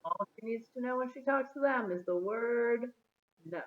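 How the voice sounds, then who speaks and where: A woman's voice: a little high, normal speed, slight background noise, natural voice. A woman voicing a matter-of-fact young boy friend who makes dry, knowing remarks, on a phone-like recording. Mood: wry. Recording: phone-like narrow sound.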